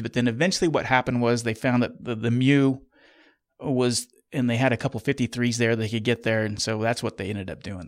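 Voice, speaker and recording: A man's voice: mid-range voice, dry recording, studio quality. A middle-aged man, a military pilot, telling a long anecdote casually, rambling and correcting himself as he goes. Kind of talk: casual storytelling.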